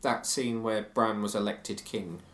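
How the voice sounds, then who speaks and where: A man's voice: on the low side, fairly even intonation, unhurried, echoey room. A man co-hosting a podcast in casual chat, sharing strong opinions and reading quotes aloud. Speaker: podcast co-host.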